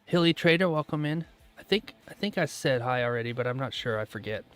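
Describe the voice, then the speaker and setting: A man running a day-trading live stream, chatting casually and answering viewers' comments aloud, relaxed and quick to laugh. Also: medium pitch. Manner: relaxed, laughs often, trails off mid-thought.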